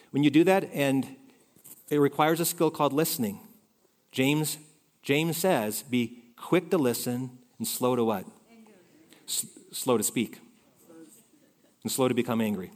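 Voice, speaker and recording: A male pastor preaching a conversational sermon, shifting between loud emphasis and soft asides. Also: fairly high pitch. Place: church sanctuary. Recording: reverberant hall.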